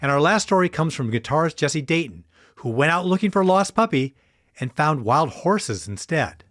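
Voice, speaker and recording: Lively punning podcast host. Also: male voice, a little high, moderate pace, no room sound. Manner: punning, upbeat announcer. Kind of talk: scripted podcast narration.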